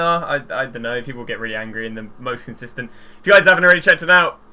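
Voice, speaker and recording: A young man chatting casually through pack openings, rambling and getting excitable at big pulls. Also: mid-range voice, fast. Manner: excitable, chatty, rambling, gets loud at walkouts. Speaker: gaming YouTuber.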